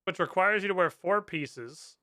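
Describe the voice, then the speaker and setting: Male streamer, casual and heated, swears a lot; high, sharp tone. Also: moderate pace. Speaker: game streamer. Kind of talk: casual live-stream commentary.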